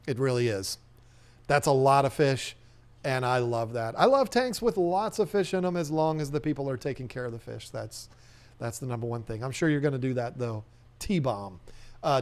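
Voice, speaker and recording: A man hosting a live stream, chatting casually and joking as he reads viewer comments, rambling with restarts. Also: on the high side.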